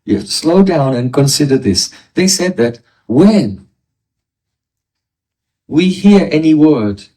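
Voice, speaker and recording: Somewhat high, animated, and dark in tone, a man speaks slowly as a spiritual teacher delivering a philosophy lecture. He explains step by step and asks rhetorical questions, his voice sounding distant from the mic.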